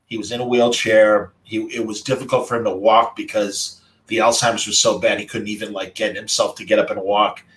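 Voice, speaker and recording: A man's voice: lowish voice, little pitch movement, fairly quick, poor audio. A man hosting a casual group chat, recalling a story with a former radio broadcaster's delivery. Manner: conversational storytelling, warm recollection. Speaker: podcast host.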